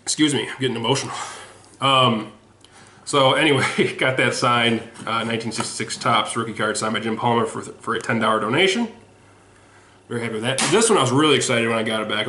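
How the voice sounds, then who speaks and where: A man's voice: medium pitch, bright, forceful tone. Sweaty, rambling man in an echoey room. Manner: rambling and self-deprecating, with frequent ums and restarts. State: sweaty and slightly hoarse throat. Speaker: sports autograph collector showing his mail returns. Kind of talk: casual home video chat. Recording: echoey room with faint noise.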